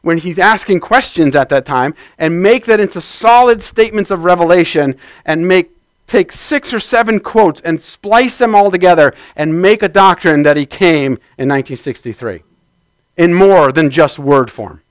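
A man preaching a conversational sermon to his congregation, swinging from loud bursts to quiet asides. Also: high-pitched, lively intonation, moderate pace, smooth, dry recording.

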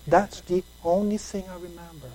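A woman voicing God in a story, speaking softly and calmly with reassurance. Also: fairly low pitch, normal speed, natural voice, poor audio. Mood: gentle reassurance. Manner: soft, hushed, reassuring. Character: gentle, calm God speaking in a dream.

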